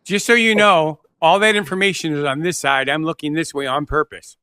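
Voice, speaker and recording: A man's voice: on the high side, steady tone, fairly quick, bright, forceful tone, clear, resonant tone. A man co-hosting a casual talk show, giving laid-back, dry replies while tasting snacks. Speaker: podcast co-host. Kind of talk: casual chat.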